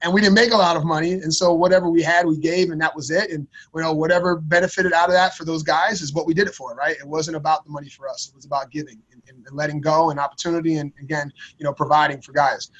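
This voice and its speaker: A man in his thirties with a notably high voice tells a personal story as a podcast guest. He talks casually and uses slang. He often stumbles and repeats words, which keeps the story lively. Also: fast, hardly any pauses, muffled recording.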